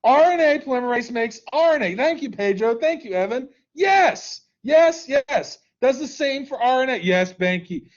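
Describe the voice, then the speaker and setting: A man's voice: very high voice, expressive, normal speed, few pauses, dull audio. A male teacher leading a live online class in a playful, joking way, coaxing students to answer, over a computer mic on a video call.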